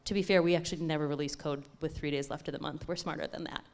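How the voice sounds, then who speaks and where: Excited woman giving a tech talk. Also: low-pitched, fast talker. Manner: excited, chatty, self-correcting. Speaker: conference speaker. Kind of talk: live conference talk.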